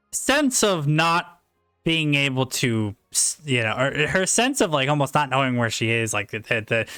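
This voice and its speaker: A game master narrating a tabletop game in a halting, descriptive way. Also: medium pitch, pushed and bright, clear, resonant tone, dry recording, studio quality.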